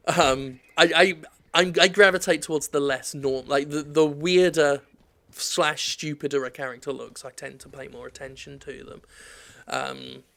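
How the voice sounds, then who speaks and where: A man's voice: a little high, steady tone, unhurried, vocal fry, fairly bright tone. A man giving rambling, sweary, self-deprecating commentary over his own gameplay, drifting off on tangents. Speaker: gaming video host.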